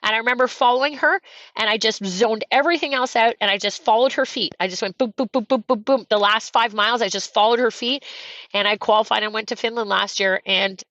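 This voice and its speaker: Fervent middle-aged Canadian woman, bright voice. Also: quick pace, dry recording, highs cut off. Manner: high-energy, fervent, repeats phrases for emphasis. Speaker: real estate coach and guest. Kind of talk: emotional storytelling in a podcast interview.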